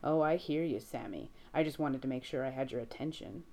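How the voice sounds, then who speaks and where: A woman reading aloud voices a lazy, self-assured male demon in an audiobook, with a deep, rumbling, slow and mocking drawl. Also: a little mellow. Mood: taunting.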